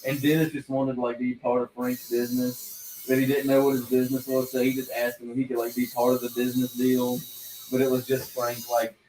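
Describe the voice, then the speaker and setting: A man's voice: mid-range voice, monotone, brisk, dark tone. A man casually retelling TV episodes in a rambling way, full of "like" fillers, in a tattoo studio. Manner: rambling storyteller, lots of "like" fillers, frequent laughter. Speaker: tattoo artist. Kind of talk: casual chat. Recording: echoey room, mic at a distance, faint noise.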